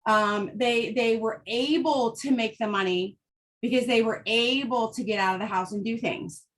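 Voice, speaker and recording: High-voiced fired-up woman giving motivational talk. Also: moderate pace, fairly bright tone. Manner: fired-up, emphatic, blunt with swearing. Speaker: team leader addressing women in her business.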